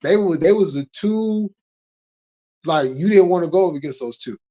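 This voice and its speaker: A man's voice: sits high, expressive, normal speed, warm tone, muffled recording. A man hosting a casual late-night sports talk stream, ranting heatedly with lots of profanity and laughter. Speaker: host.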